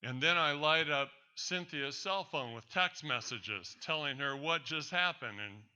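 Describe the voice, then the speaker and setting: A man's voice: a little high, unhurried, sharp tone, clear, resonant tone. A man presenting a talk, telling a personal story in an emphatic, defiant way to an audience. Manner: emphatic and defiant, addresses doubters directly.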